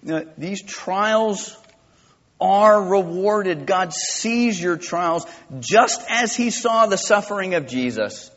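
A male pastor preaching a sermon, impassioned and swinging from quiet to loud. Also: high-pitched, animated, slow. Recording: dull lo-fi with long church reverb.

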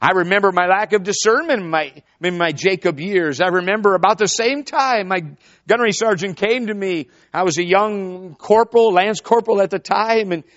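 Speaking at a moderate pace in a high voice, this male preacher animatedly tells a story and calls out to the congregation gathered in church. There is no echo, though the sound quality is dull and lo-fi.

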